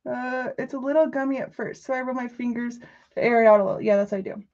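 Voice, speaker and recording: A woman's voice: fairly high pitch, steady tone, fast, darkish tone, muffled recording. A woman hosting a casual crafting livestream from her home in the country, chatty and jokey with her viewers, often breaking into giggles. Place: rural home.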